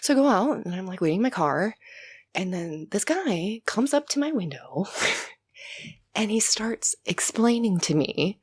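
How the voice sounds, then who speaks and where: A young woman, a podcast guest, telling stories in casual chat, animated and laughing, sometimes shouting as she acts out what she said. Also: medium pitch, measured pace, husky. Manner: animated, laughing, swings into loud shouted retellings.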